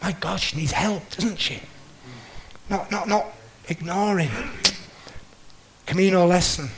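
Giving a talk with slides, a man shares a personal story in a chatty, self-mocking way and acts out what other people said. His voice is high-pitched and measured in pace, with a crowd in the background and poor audio.

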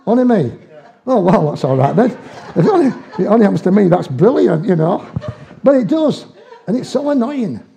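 A man's voice: high-pitched, sing-song, normal speed, creaky, dark tone. A man with a Northern English accent preaching a conversational sermon, telling homely personal stories with humour and frequent laughs. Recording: dull, muffled lo-fi sound.

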